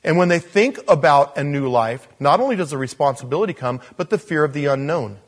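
A male pastor delivers a sermon in a notably high voice. He preaches in an animated, self-deprecating way, chuckling now and then and acting out the voices of the people he quotes. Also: fairly quick.

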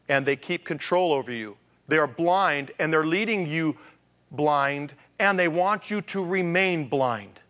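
A man's voice: on the high side, moderate pace, fairly bright tone. A male pastor preaching a conversational sermon, asking rhetorical questions and acting out the voices of the people he quotes.

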